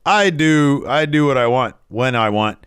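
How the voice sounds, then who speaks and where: A man's voice: mid-range voice, animated, measured pace, fairly bright tone, smooth, no echo, voice pushed up. A man playing a brash, cocky male wrestler who taunts and sneers as he trash-talks. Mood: taunting.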